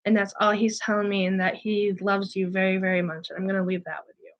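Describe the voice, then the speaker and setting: A woman's voice: medium pitch, flat delivery, fast talker, lo-fi sound. A woman medium passing on spirit messages in an earnest, slightly unsure way, with frequent fillers. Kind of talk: live reading of spirit messages.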